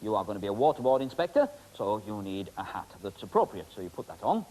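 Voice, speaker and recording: A man's voice: lowish voice, sing-song, fast, a little mellow, poor audio. A man working as a stage magician, bantering in a joking, rambling way with volunteers on stage. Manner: joking, rambling, teasing, full of ums. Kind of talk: comic stage patter with volunteers.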